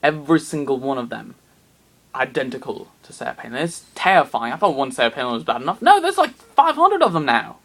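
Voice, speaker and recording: A man telling an absurd comic story in a rambling, excitable way with plenty of fillers. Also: medium pitch, fairly quick, vocal fry.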